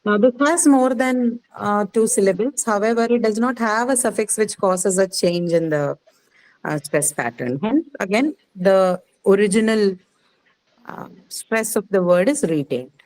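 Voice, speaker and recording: A woman teaching word stress to a class, repeating each word slowly and quizzing her students patiently. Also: medium pitch, animated, darkish tone, no echo, poor audio. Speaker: English teacher.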